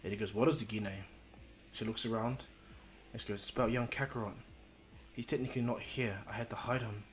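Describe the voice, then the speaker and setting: A man's voice: medium pitch, fairly even intonation, fast, faint music behind. A man casually narrating an improvised fan story, rambling with restarts and voicing each character's lines as he goes.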